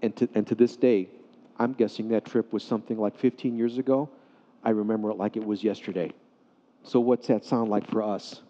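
Guy preaching a story, mellow voice, long hall echo, bit muffled. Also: on the low side, fairly quick. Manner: animated storyteller, swings from loud excitement to soft hushed tones. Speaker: pastor. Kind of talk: sermon storytelling. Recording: dull sound in a hall with long reverb.

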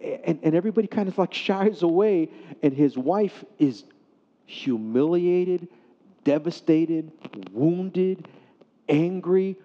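A man preaching a sermon, telling a story with animated swings between loud excitement and hushed softness. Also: fairly high pitch, takes it slowly. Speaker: pastor. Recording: dull sound in a hall with long reverb.

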